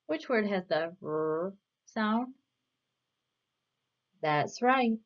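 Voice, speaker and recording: A woman teaching a children's phonics lesson, saying words clearly and asking patient questions. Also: medium pitch, lively intonation, highs cut off. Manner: patient, asks questions and pauses for answers. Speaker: reading teacher.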